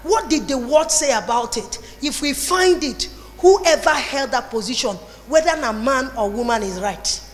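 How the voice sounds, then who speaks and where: High-voiced Nigerian woman preaching in a reverberant hall. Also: normal speed, few pauses. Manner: animated, mixes in Pidgin and Igbo phrases. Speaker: pastor. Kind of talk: sermon.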